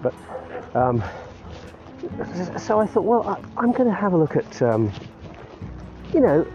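A man in his fifties rambling on about his day for his podcast while walking his dog outdoors, laughing often and restarting his sentences. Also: a little high. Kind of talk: rambling casual monologue. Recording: muffled recording with clear music behind.

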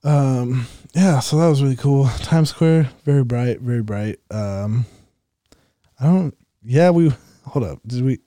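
A man's voice: medium pitch, warm tone, no room sound, clean studio sound. A young man in casual chat who laughs often and repeats himself as he talks. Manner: laughing, halting and repetitive.

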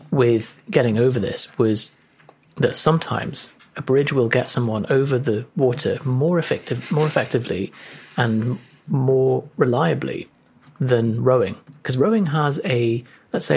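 Husky-voiced man musing on a podcast. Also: mid-range voice. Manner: earnest, hesitant restarts, thinking aloud. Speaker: podcast co-host. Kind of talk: casual podcast chat. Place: at home, remote call.

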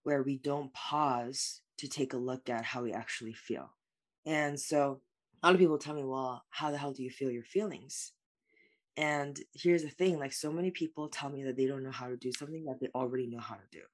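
A woman's voice: rumbling low, steady tone, fairly quick. A woman speaking as a life coach guest in an interview, answering in an earnest, reflective way with many "like" fillers.

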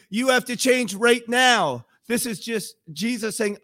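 A man's voice: very high voice, unhurried, hardly any pauses, a bit bright, no room sound, clean studio sound. A man preaching a sermon in a conversational way, often acting out quoted voices. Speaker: pastor.

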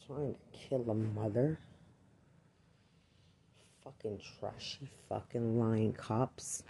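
A man pours out an angry, accusatory rant, cursing constantly. His voice is very dark and mellow. He talks slowly, with heavy pauses between his bursts. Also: fairly low pitch, fairly even intonation, slight background noise. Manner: furious, accusatory, swears constantly. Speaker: army veteran.

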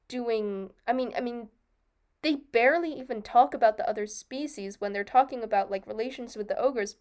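A young woman co-hosting a casual book discussion, chatty and quick to laugh, often restarting and correcting herself. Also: a little high, a little mellow. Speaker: podcast co-host.

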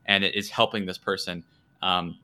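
A man's voice: sits low, little pitch movement, normal speed, bright, forceful tone, clean tone. A man narrating as game master, hesitant and full of filler words. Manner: hesitant, full of ums and likes.

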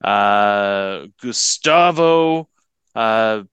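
A man co-hosting a podcast in casual chat, halting and hesitant as he talks. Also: on the low side, expressive, fairly bright tone, clear, resonant tone, no echo. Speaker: podcast co-host.

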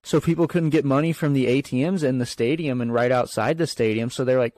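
A man's voice: mid-range voice, a little fast, hardly any pauses, a little mellow, dry recording. A man co-hosting a podcast, chatting casually about football with lots of fillers and restarts. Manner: rambling, filler-heavy. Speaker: podcast co-host. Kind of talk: casual sports chat.

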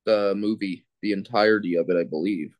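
An easygoing man with a somewhat low voice chats as a podcast guest, often hedging what he says. The sound is dry and close-miked. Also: brisk, no echo. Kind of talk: casual chat.

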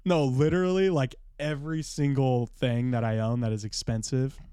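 A man's voice: medium pitch, fairly even intonation, moderate pace, warm tone, smooth, dry recording, clean studio sound. A young man telling a story on a podcast in casual chat, swearing freely and acting out what others said in a raised voice. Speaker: podcast co-host.

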